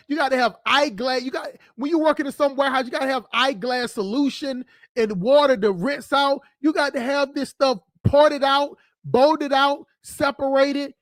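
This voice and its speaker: Male livestream host, high-pitched, dry close sound, profane off-the-cuff rants. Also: no echo. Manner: blunt, profane, fast-talking, jumps between subjects. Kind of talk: unscripted livestream rant.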